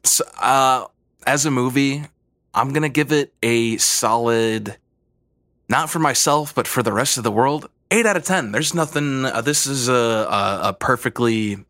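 A man's voice: medium pitch, a little slow, a bit bright, no echo. A man co-hosting a podcast, cracking playful, teasing jokes in casual chat. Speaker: podcast co-host.

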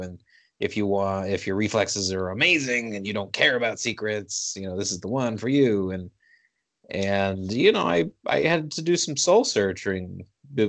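A man's voice: on the low side, no room sound. A man in casual conversation about video games, with dry, wry humor. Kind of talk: casual gaming chat.

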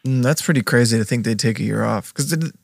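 A man's voice: medium pitch, fast talker, gravelly, no room sound, clean studio sound. A man co-hosting a podcast in casual chat, asking questions as he talks. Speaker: podcast co-host.

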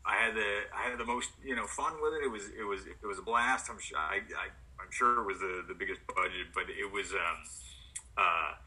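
A man being interviewed as an actor, telling stories in an animated way and acting out what others said. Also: on the low side, a little fast, poor audio. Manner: animated, acts out quotes. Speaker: actor guest. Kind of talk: storytelling in a podcast interview.

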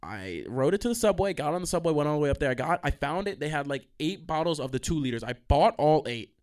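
A young man hosts a solo storytime podcast. He swears constantly and jumps from one tangent to the next. His voice sits slightly high for a man. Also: fast talker. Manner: profane, animated, sidetracked storytelling. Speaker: podcast host.

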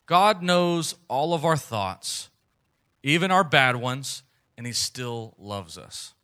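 Male pastor, 30s, earnest chatty sermon delivery, bright ringing tone. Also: mid-range voice, animated, takes it slowly. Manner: earnest, conversational preaching with repeated phrases.

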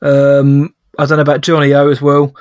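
A man's voice: on the high side, monotone, normal speed, dry recording, studio quality. A young man co-hosting a podcast in casual, laughing banter. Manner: jokey, laughs often, banter. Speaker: podcast co-host. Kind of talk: casual chat.

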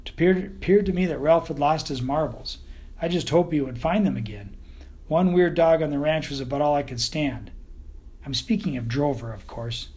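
Texan man, audiobook narrator, folksy dry drawl, a bit higher pitched, first-person storytelling. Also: a little mellow.

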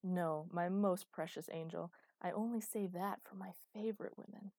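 A woman reading a teasing, flirtatious grown man, mock-romantic and deadpan, in an audiobook. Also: on the low side, moderate pace, no room sound, lightly acted. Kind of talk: audiobook character voice.

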